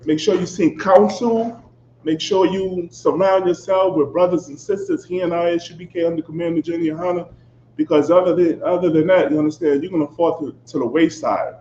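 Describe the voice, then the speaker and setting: This preacher's voice is a little high, a little fast, and a little mellow, yet the sermon is fiery, profane, and confrontational. Nearly every phrase ends with "you understand?", captured in an echoey, dull lo-fi recording with faint background noise.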